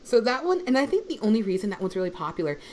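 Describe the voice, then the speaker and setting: A woman's voice: mid-range voice, very animated, racing, a crowd in the background. A woman in casual livestream chat with fellow dubbers, rambling and chatty, full of "I'm like", talking from home on an online call. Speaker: dub group member on livestream.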